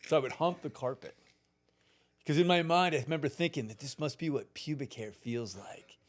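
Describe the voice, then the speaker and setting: A man around sixty, a podcast guest telling a long personal story in a casual, animated way, swearing freely and laughing through it. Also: a little high, moderate pace. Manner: animated, profane, laughs through his stories.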